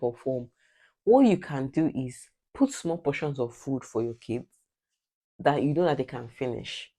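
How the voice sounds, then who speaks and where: A woman's voice: low voice, mellow. A Nigerian woman giving direct, emphatic advice in a casual vlog, repeating her points like a preacher. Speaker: vlogger.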